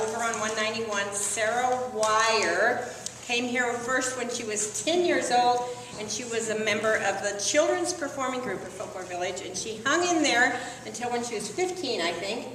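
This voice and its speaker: A woman's voice: on the high side, moderate pace, a bit bright, a little hiss or hum. A woman emcee giving a chatty, informal introduction of the next storyteller at a live event. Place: large hall at a live evening event. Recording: echoey hall from far off, crowd murmur.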